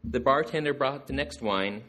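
A man telling stories about his father to a gathering, animated and acting out the jokes. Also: mid-range voice, normal speed. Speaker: storyteller remembering his father. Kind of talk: storytelling to a gathering.

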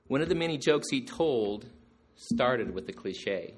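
A man telling stories about his father to a gathering, animated and acting out the jokes. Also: medium pitch, a little slow. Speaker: storyteller remembering his father. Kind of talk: storytelling to a gathering.

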